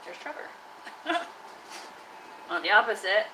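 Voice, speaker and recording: A woman's voice: medium pitch, sing-song, takes it slowly, pushed and bright, a little hiss or hum, low-quality recording. A woman chatting casually on a live stream from her workshop, teasing and scolding her trash can like a buddy. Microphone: live-stream camera mic.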